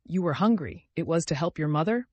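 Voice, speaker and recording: A man putting on a timid young woman, raised in pitch and pleading, her words rising and falling in bewilderment. The voice is close and dry. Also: big pitch swings, normal speed, breathy edge, no room sound. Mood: bewildered.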